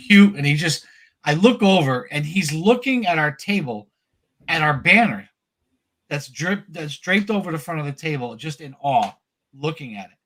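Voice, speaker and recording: Excitable guy on a comics podcast, bright voice, kinda high, lots of restarts. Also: normal speed. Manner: animated, excitable storyteller with many restarts. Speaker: podcast co-host. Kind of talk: casual storytelling chat.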